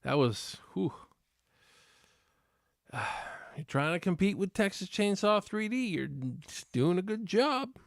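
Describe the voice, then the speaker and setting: A man's voice: sits high, very animated, slow pace, gravelly, long pauses, dry recording, clean studio sound. A man hosting a casual live stream reaction, chatting to viewers in a rambling, easygoing way with many restarts.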